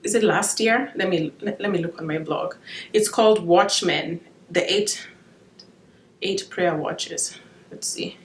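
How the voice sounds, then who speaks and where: A woman giving an informal devotional talk, speaking emotionally and haltingly as she holds back tears. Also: lowish voice, echoey room. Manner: emotional, halting, with restarts and asides. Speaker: Christian video blogger sharing dreams.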